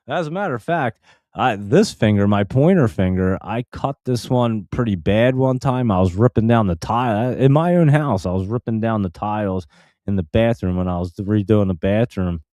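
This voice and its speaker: A man's voice: on the low side, lively intonation, moderate pace, mellow, no echo. A man telling a casual story in a rambling way, full of fillers and restarts. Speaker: stock channel host.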